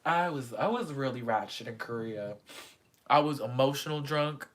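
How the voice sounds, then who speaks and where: A young woman vlogging a casual storytime monologue, animated and dramatic, crude and joking. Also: very deep voice, moderate pace.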